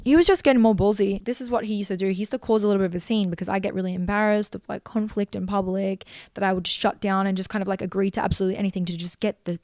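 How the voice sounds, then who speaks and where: A woman's voice: medium pitch, steady tone, a little mellow, no echo, studio quality. A young woman telling a raw personal story, emotional and full of swearing. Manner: rapid, emotional, swears often.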